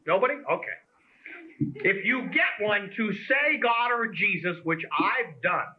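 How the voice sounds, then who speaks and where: Stand-up comic, man from Pennsylvania, high and animated, lo-fi club recording. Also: a little slow, a little hiss or hum. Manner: conversational, teasing the crowd, punchy delivery. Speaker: stand-up comedian. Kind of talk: stand-up comedy set. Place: comedy club stage. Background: audience laughter.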